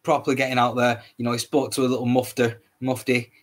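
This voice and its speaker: A man's voice: medium pitch, little pitch movement, fast talker. A man hosting a solo podcast, ranting in a heated, repetitive way, swearing often and stumbling over his words. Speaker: podcast host.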